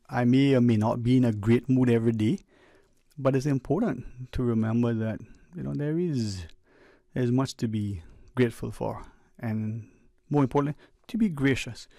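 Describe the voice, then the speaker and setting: A man from the Cayman Islands hosts a talk radio show, delivering a reflective, preachy monologue in a conversational style and speeding up or slowing down for emphasis. His mid-range voice has a dark tone, captured on a studio microphone in a radio studio with clean sound and no room sound.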